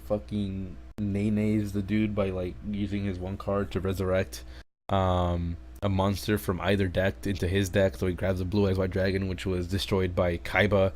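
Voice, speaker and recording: A man's voice: low voice, a little mellow, slight background noise. A man recapping anime episodes in a casual, rambling way, swearing often and trailing into asides. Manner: rambling, profane, full of fillers and asides. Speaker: anime reviewer.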